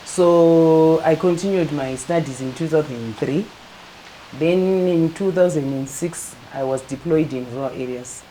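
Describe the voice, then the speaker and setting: A middle-aged woman calmly telling her personal story as an interview guest. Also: deep voice, measured pace, slight background noise, poor audio. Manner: calm, matter-of-fact, acts out quoted dialogue.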